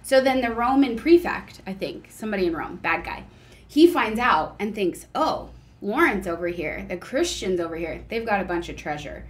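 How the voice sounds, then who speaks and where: A woman co-hosting a casual chat, an animated storyteller who exclaims often. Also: mid-range voice, moderate pace. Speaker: podcast co-host.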